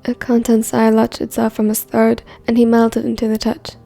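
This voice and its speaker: A woman narrating a fan fiction story in a steady reading voice. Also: fairly high pitch, normal speed, gravelly, faint music behind.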